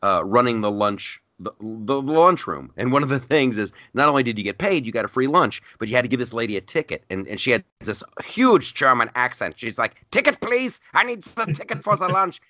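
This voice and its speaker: A middle-aged man, a comedian, telling stories in a casual interview, animated and often repeating words as he starts a sentence. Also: mid-range voice, fairly quick, few pauses, no echo. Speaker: stand-up comedian guest.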